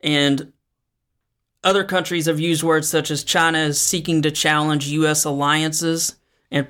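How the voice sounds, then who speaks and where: A man's voice: a little high, a bit bright. A man hosting a solo podcast, explaining current affairs in a conversational way with frequent fillers. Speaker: podcast host. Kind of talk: solo news commentary podcast.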